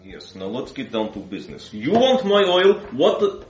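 A man's voice: mid-range voice, huge pitch swings. Guy doing a pompous dealmaking world leader, mock broken english, echoey muffled room. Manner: halting, mock foreign speech, pompous. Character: pompous foreign head of state, greedy dealmaker. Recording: muffled, roomy recording.

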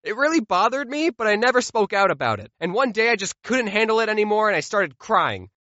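A young man spins funny stories about his childhood, his high voice leaping up and down all the time. He drops deadpan asides between the jokes. The sound is close and dry, with a slightly muffled top end. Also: brisk, no echo. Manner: jokey, deadpan asides between acted-out quotes. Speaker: comedy storyteller. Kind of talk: animated comedic storytelling.

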